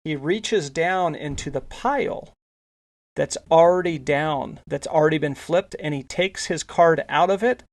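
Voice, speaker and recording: A man's voice: on the high side, measured pace. A male podcast host telling a casual anecdote, rambling with frequent restarts and repeated words. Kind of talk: casual storytelling.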